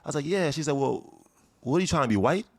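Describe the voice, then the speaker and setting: Fast-talking man telling animated stories. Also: fairly high pitch, husky. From Chicago. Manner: animated, acts out quoted voices, emphatic. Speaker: guest. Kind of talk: storytelling in conversation.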